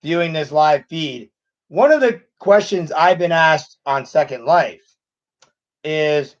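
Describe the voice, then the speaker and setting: High-voiced man chatting on a livestream. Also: lively intonation, dull audio. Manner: halting, chuckles often. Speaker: channel host on a livestream. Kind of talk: casual livestream chat.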